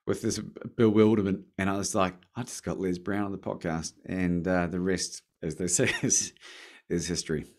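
A man from Australia with an Australian accent, a podcast guest telling his story in casual chat, lively and acting out phone calls. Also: low-pitched, moderate pace. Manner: animated, acts out phone calls with rising excitement.

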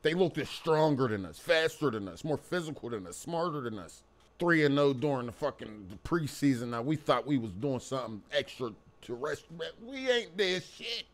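Fuming, cursing sports fan man. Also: a little high. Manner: heated, profane, repeats himself when worked up. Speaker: sports channel host. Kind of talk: angry sports fan rant to camera.

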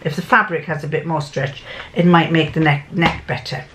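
A woman's voice: deep voice, steady tone, normal speed, fairly bright tone, a little hiss or hum. An older woman, chatting casually to camera as a sewing vlogger. She rambles and often restarts or corrects herself mid-sentence.

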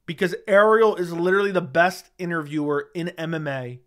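A man's voice: fairly high pitch, fairly even intonation, a little fast, a bit bright. A man hosting a casual livestream, reading viewer chat aloud and giving blunt, sarcastic, slangy replies into a studio microphone.

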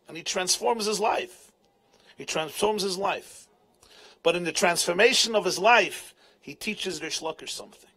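A man, a rabbi, telling a story at a live event, animated, acting out voices, laughing often and dropping Hebrew and Yiddish terms. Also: sits high, moderate pace, slightly rough. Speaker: rabbi and speaker. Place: event tent.

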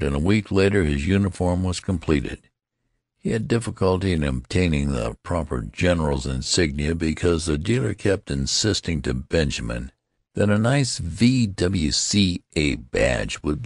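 A man reading an audiobook aloud in a lively, expressive way. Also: sits low, vocal fry, dry recording, studio quality. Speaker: audiobook narrator. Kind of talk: scripted audiobook narration.

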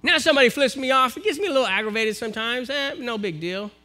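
A man with an American accent preaching a sermon to his congregation, building to forceful exhortation. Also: very high-pitched, expressive, fast talker. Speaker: minister. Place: church, live-streamed service.

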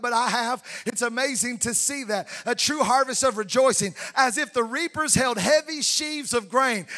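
A man preaching a sermon, fervent, swinging between shouted peaks and hushed tender asides. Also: very high voice. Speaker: pastor. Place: church sanctuary.

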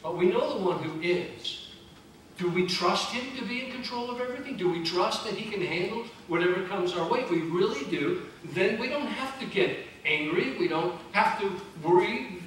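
Pastor, male, high voice, emphatic and conversational, recorded from afar in an echoey church. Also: lively intonation, moderate pace, fairly bright tone. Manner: conversational, emphatic preaching with repeated phrases. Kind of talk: sermon. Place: church sanctuary. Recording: very echoey church from a distance, faint noise.

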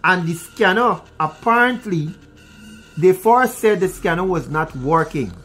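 A man's voice: high-pitched, lively intonation, a little slow, fairly bright tone, faint music behind. A man with a Guyanese accent giving a fiery, profane news commentary, repeating his points and speaking straight to viewers. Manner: fiery, repetitive, profane, addresses viewers directly. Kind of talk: heated news commentary rant.

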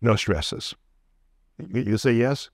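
A man's voice: fairly low pitch, takes it slowly, dry recording, studio quality. A man speaking as a panelist to a live audience, explaining things at length with spoken examples. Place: event hall at a live panel.

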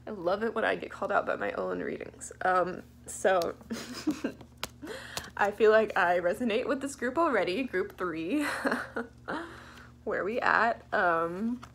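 Young woman, tarot reader, gravelly voice, laid-back, giggly, faint hum behind. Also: medium pitch, expressive, slow, fairly bright tone. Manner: laid-back, giggly, thinks aloud with fillers. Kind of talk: casual pick-a-card tarot reading.

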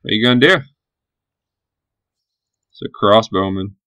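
A man's voice: on the low side, normal speed, fairly bright tone, no echo. A man giving live gameplay commentary as a gaming channel host, cheering on his units and swearing casually.

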